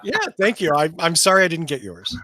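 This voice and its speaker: A man's voice: on the high side, very animated, brisk, noisy background. A man chatting on a casual panel show over a video call, playful and self-mocking.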